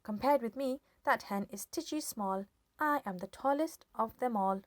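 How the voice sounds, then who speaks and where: A woman voicing a grumpy, scornful old grandmother who shouts and scoffs in a storybook reading. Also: a little high, normal speed, dry recording, studio quality, pitched above the performer's own voice, close to an everyday voice. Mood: boastful.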